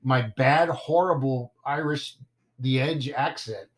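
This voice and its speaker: A man's voice: mid-range voice, slow. Man, podcast host, casual chat, playful, self-deprecating. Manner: playful, self-deprecating, stumbles over words.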